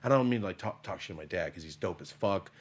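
Husky-voiced man in his thirties, swearing. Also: low voice, animated, fast. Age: 30s. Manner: profane, blunt, emotional storytelling. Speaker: podcast host. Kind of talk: casual storytelling chat.

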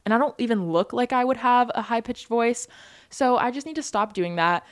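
A woman's voice: on the high side, normal speed. Chatty young woman hosting a podcast. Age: young adult, 22. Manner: chatty, many fillers like "like" and "you know". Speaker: podcast host. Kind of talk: casual solo podcast chat.

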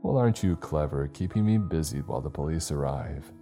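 A man's voice: lively intonation, brisk, mellow, faint music behind. A man doing a smug monster. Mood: smug, menacing. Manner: low, smug, taunting. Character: menacing male monster in human guise, sly and calm. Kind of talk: horror story reading.

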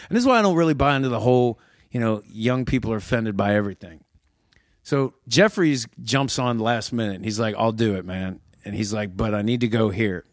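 A man, a comedy producer and comedian, in casual podcast chat, telling animated stories with a lot of swearing. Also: lowish voice, no room sound, studio quality. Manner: profane, animated storyteller.

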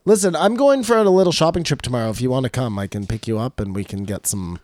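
A man's voice: medium pitch, animated, quick pace, darkish tone, no room sound, studio quality. Teasing man in podcast banter. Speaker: podcast co-host. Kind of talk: casual podcast chat.

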